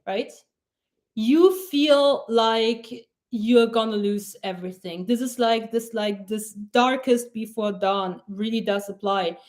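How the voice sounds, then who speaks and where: A woman's voice: a little high, darkish tone. A young woman giving a casual, rambling pep talk as a mindset coach on a live stream, blunt and swearing freely.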